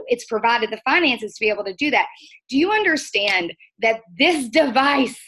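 A woman's voice: a little high, fairly bright tone. A middle-aged woman, a guest trainer speaking earnestly and emotionally in a folksy way. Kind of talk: motivational training talk.

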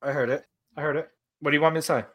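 A man's voice: fairly high pitch, steady tone, rapid-fire, fairly bright tone, husky. A young man with a New York-area accent, co-hosting a podcast in casual, joking, profane banter. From New Jersey or New York area. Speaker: podcast co-host.

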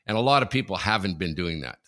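A Canadian man with a low voice talks fast as he co-hosts a casual chat show. He's an animated storyteller, laughing his way through plenty of anecdotes.

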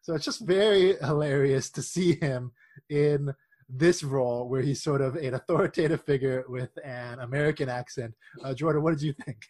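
A man co-hosting a casual podcast chat, animated, laughing often and leading the talk with questions. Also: medium pitch, moderate pace. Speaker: podcast co-host.

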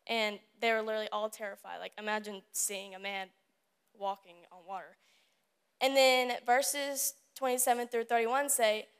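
A woman's voice: a little high, fairly even intonation, moderate pace, clean tone. A teenage girl giving an earnest, casual devotional talk to a youth group in a room, repeating her points. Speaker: youth service speaker.

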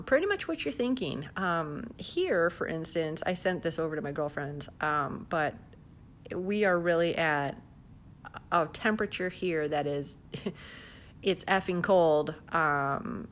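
A Southern US woman vlogs from home, chatting to camera on a handheld phone, often laughing and using many fillers. Her low voice has lively intonation and an unhurried pace, with a little hiss or hum in the background.

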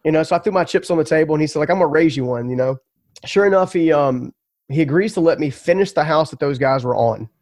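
A man's voice: a little high, quick pace, darkish tone, dry recording, studio quality. A man telling his story as a podcast guest, earnest and emphatic, often repeating words.

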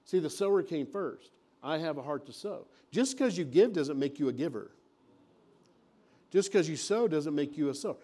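A man's voice: on the high side, lively intonation, moderate pace, dark tone. A man preaching a sermon in a folksy, conversational way, acting out little everyday scenes. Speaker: pastor.

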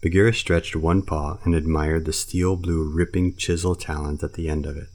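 A man reads a classic storybook aloud in a steady, even manner. His voice sits very low. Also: moderate pace, hardly any pauses. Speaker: narrator. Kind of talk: storybook reading.

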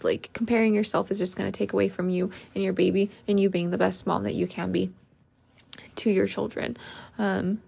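A young woman hosts a casual solo podcast, chatting earnestly about her work as an esthetician. Her voice has a gravelly, vocal-fry edge at a middle pitch. She talks in loose, heartfelt sentences full of ums and likes. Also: little pitch movement, brisk, a little mellow.

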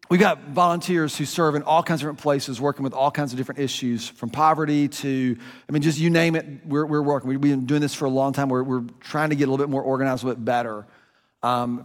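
A man's voice: mid-range voice, steady tone, fast talker. A man preaching a conversational sermon, his voice rising and dropping for emphasis. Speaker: pastor. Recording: long reverb of a large room.

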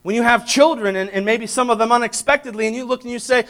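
A man preaching a sermon as pastor, calling out to the congregation and swinging between loud emphatic peaks and hushed asides. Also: very high-pitched, fast, vocal fry, few pauses. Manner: preaches with call-and-response to the congregation. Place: church.

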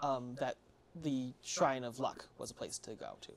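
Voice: mid-range voice, unhurried, gravelly. Rambling tabletop game master. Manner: rambling, many fillers and restarts.

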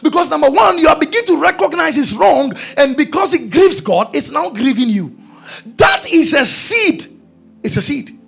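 Emphatic preacher, high and gravelly. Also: male voice, expressive, moderate pace, a bit bright, soft background music. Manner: emphatic, repeats key phrases. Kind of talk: sermon.

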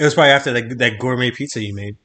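A man's voice: mid-range voice, very fast, a bit bright. Comic guy cohosting a podcast, ordinary mid voice, always cracking jokes. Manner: joking, teasing, laughs a lot. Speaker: podcast co-host, comedian. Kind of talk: casual chat.

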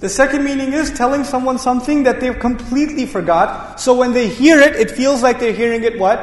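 A man giving a Quran tafsir lesson, explaining quickly and with animation and breaking into Arabic recitation. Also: extremely high pitch, roomy sound, in a large hall. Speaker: Quran teacher. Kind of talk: tafsir lecture.

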